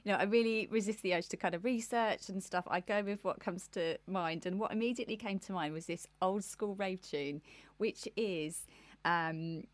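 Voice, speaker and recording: A woman's voice: mid-range voice, normal speed, dry recording. Giggly woman chatting about music. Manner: giggly, enthusiastic, rambling. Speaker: podcast co-host. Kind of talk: casual music chat.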